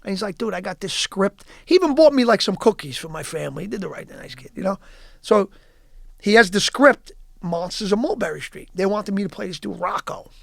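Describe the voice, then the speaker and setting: High-voiced man rambling in a dry studio. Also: expressive, fairly quick, vocal fry, fairly bright tone, no echo. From Yonkers, New York. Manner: rambling, heavy on "you know" and restarts. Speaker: guest actor. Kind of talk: casual podcast chat and storytelling.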